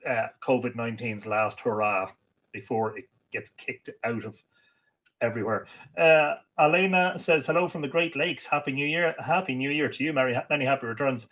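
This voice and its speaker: This livestream host is a man from Ireland whose voice is medium-pitched and a bit bright. Chatty and welcoming, he greets viewers and reads out their comments on a casual stream.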